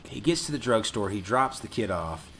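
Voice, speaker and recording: Over a little hiss or hum, a man with a fairly low voice speaks at normal speed as he co-hosts a laid-back podcast. He walks through a film one scene at a time, full of curses and frequent laughter.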